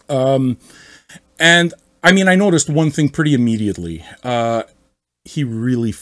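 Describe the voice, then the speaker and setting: Sarcastic rambling male podcast host. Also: a little high. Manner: sarcastic, rambling, swearing, self-mocking. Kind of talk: casual comedic rant.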